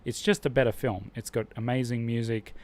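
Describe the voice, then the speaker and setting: A man's voice: medium pitch, fairly even intonation, brisk, darkish tone. A man hosting a live stream, talking casually and with strong opinions, rambling and restarting his sentences often.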